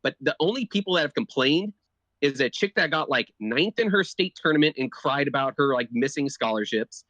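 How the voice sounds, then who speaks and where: A man's voice: on the high side, animated, brisk, a bit bright, dry recording, muffled recording. Argumentative man in a dry, close sound. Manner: argumentative, laying out points with many "like" fillers. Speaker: podcast co-host. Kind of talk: casual sports podcast chat.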